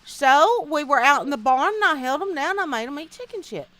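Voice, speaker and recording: She chats while gaming, a woman streamer spinning casual, homespun tales with a lively country drawl into her desk mic. The voice comes across bright, sharp, and high-pitched, her delivery brisk, the recording dry.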